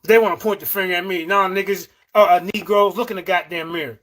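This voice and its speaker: A man hosts a heated livestream debate. His voice sits very high and sounds bright and forceful. He scolds his guest and repeats words to hold the floor. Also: steady tone, fast. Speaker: show host.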